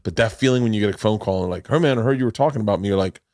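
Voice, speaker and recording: A man's voice: on the low side, rapid-fire, a little mellow, no echo, clean studio sound. Rambling, swearing man telling stories. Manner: rambling storytelling, acts out quotes, swears freely. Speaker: podcast host. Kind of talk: casual chat.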